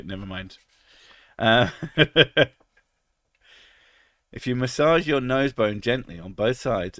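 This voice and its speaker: A low-voiced man with a cold, chatting loosely on a live stream. He jokes crudely as he reacts to chat, and the sound is dry and close. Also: fairly bright tone, no room sound. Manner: crude, joking, reads out chat. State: has a cold, about to sneeze.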